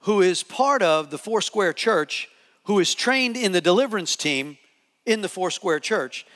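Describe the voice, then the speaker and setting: A man preaching a sermon to a live audience, telling a story with lively acted-out quotes. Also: sits high. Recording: long hall reverb.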